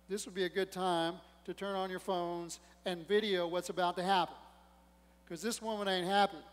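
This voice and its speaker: A man with a high, bright voice preaches to his congregation, swelling to loud emphasis and dropping into asides. The sound rings with a long reverb off the walls of a church sanctuary. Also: steady tone, normal speed. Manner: preaching with rising emphasis and humor, acting out quotes. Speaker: pastor. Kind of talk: sermon.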